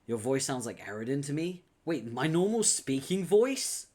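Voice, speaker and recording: A man's voice: a little high, very animated, moderate pace, a little mellow. A man reading a webcomic aloud on a live stream, chatting with viewers, laughing often and swearing casually.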